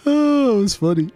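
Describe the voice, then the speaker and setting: Stuffy-nosed man chatting on stream. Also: very high-pitched. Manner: animated, profane storytelling. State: nasal, stuffy from allergies. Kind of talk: casual stream chat while building models.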